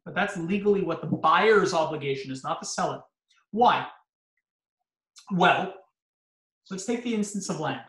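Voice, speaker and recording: A man's voice: sits high, fairly bright tone. A man, a lawyer lecturing real estate agents, explaining things by posing questions and answering them himself. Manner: explanatory, asks and answers his own questions. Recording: echoey room.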